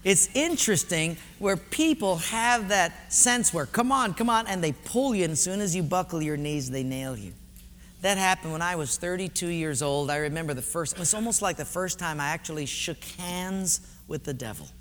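A man pastor, preaching a sermon with animated storytelling and low emphatic drops. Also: moderate pace, long reverb tail, a little hiss or hum.

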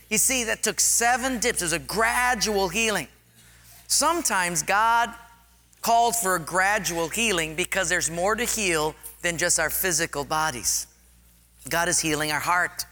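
Bright-voiced animated preacher in a hall. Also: male voice, high voice, a little slow. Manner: animated storytelling, acts out scenes. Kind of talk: sermon.

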